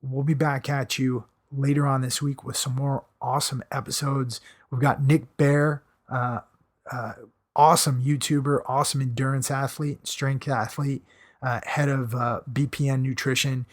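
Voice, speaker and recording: Hoarse man hosting a motivational podcast. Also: medium pitch. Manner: emphatic, repeats phrases for stress. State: hoarse, losing his voice. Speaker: podcast host.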